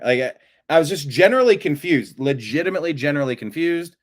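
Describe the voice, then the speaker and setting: A man's voice: on the high side, animated, quick pace. A man hosting a news commentary show, talking casually with an amused, rambling manner and frequent restarts. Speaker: show host.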